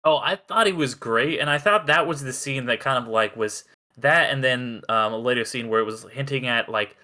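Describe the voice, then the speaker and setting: A man's voice: mid-range voice, moderate pace, bright, forceful tone. A man in casual podcast chat, hesitant and searching for his words.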